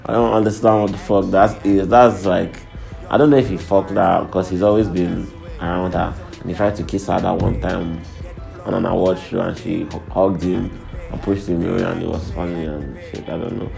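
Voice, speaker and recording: A man's voice: low-pitched, steady tone, moderate pace, gravelly, darkish tone. A young man hosting a profane, irreverent comedic monologue, laughing between lines. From Nigeria. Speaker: host. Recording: faint background music.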